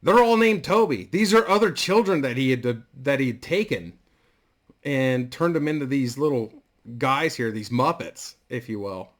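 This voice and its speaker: A man's voice: mid-range voice, expressive, moderate pace. A man casually and crudely rambling through a story idea, full of fillers and restarts. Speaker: vlogger.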